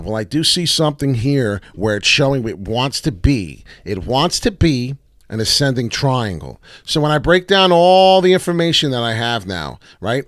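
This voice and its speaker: A man's voice: fairly low pitch, a bit bright, dry recording. A man giving casual, brash live commentary on price charts, rambling and swearing freely. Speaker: crypto chart analyst streamer.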